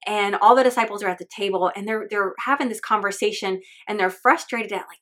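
A woman's voice: medium pitch, fairly even intonation, a little fast, few pauses, a bit bright. A woman hosting a faith podcast, talking in an earnest, candid and chatty way with lots of fillers. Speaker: podcast host.

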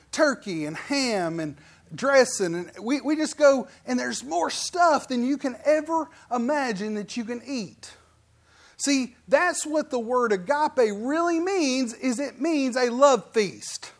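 A man preaching a sermon, telling stories and acting out voices. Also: very high-pitched. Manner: animated storytelling preacher, acts out voices. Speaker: pastor.

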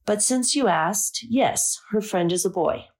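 A woman reading the part of a kind, tactful older woman who speaks in a gentle, coaxing way. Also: mid-range voice, a little slow, pitched above the performer's own voice.

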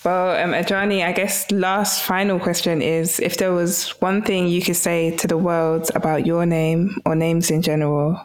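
A woman's voice: fairly low pitch, flat delivery, normal speed, few pauses, poor audio. A woman hosting an interview, curious and encouraging, often murmuring agreement. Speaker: interview host. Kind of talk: conversational interview.

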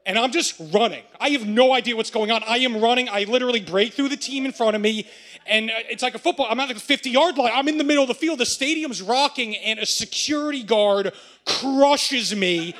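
Brief: high-pitched American-born man, rowdy live storyteller, swears freely. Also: fairly quick. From United States. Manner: excitable, profane, laughing as he tells it. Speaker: storyteller on stage.

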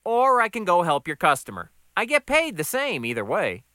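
A man's voice: on the high side, sing-song, normal speed, sharp tone, dry recording. A man voicing a smart-mouthed, stocky new cook near forty who stays unflustered. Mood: amused. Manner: unflustered, dry wisecracks.

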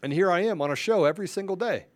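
A man's voice: high-pitched, racing, a little mellow. A man hosting a political commentary show, ranting in a fiery, repetitive, emphatic way. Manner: self-described introvert. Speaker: show host.

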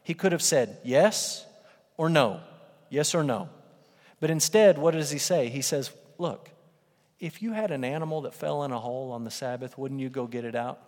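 A man preaching a sermon in a conversational, emphatic way, swelling into loud bursts for emphasis. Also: mid-range voice, normal speed. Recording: reverberant hall.

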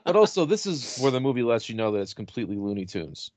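A man co-hosting a podcast, chatting casually about a movie with wry, deadpan jokes. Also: mid-range voice, fast talker, dry recording. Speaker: podcast co-host.

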